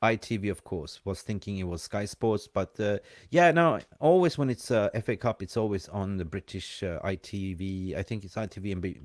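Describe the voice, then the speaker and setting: Male live-stream co-host, mixed accent with an Aussie hint, excitable and chatty, lowish voice, dry close sound. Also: normal speed, few pauses, no room sound. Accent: mixed, hint of Australian. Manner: chatty, excitable, banter with viewers in chat. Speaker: fan channel co-host. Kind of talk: casual live-stream chat.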